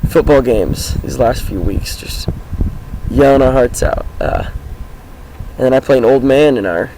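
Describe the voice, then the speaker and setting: Hoarse teenage boy, gravelly voice. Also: mid-range voice, measured pace, noisy background. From Washington State, US. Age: teens. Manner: rambling, upbeat, many fillers. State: hoarse, groggy voice. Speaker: high school student vlogger. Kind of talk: casual self-introduction vlog. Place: outdoors, sitting on his car.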